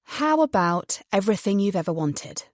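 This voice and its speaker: A woman's voice: big pitch swings, moderate pace, dry recording, clean studio sound, natural voice. A woman voicing a cocky, nonchalant young man who jokes wryly and offhandedly in an audiobook. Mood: cocky teasing. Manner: lower, wry, offhand.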